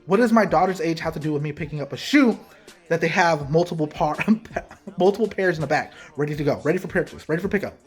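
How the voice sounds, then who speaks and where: A man, a parent and sneaker vlogger, telling a casual story to the camera with quoted dialogue, animated and heated. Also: fairly high pitch, fast talker, breathy edge, faint music behind. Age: adult parent.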